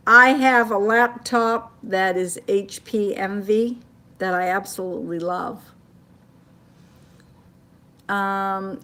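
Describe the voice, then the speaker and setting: An older woman from Maine, speaking with a Maine accent, chats casually on a phone livestream, reading viewer comments, reacting to them and telling stories. Her voice is medium-pitched with a fairly bright tone.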